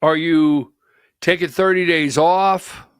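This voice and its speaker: A man's voice: a little high, fairly even intonation, takes it slowly, clear, resonant tone, dry recording, studio quality. A man hosting a political livestream, talking bluntly and skeptically in rambling asides. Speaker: political talk show host. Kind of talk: opinionated livestream commentary.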